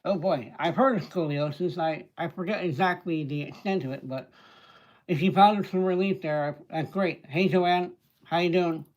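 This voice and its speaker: A man hosting a casual livestream, chatting and greeting viewers by name, with hesitant fillers and frequent throat-clearing. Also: on the high side, normal speed, low-quality recording. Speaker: livestream host.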